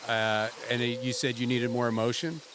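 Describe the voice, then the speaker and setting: A man hosting a comedy podcast, chatting in a deadpan, mock-serious way with his guest. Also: medium pitch, moderate pace, background noise. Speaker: podcast host. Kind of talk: casual comedic podcast chat.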